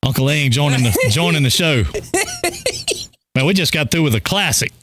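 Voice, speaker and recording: A man's voice: a little high, lively intonation, normal speed, a bit bright, slight background noise. A man co-hosting a casual talk show, talking animatedly with many stammered restarts and quoted movie lines. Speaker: radio show co-host. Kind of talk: casual chat.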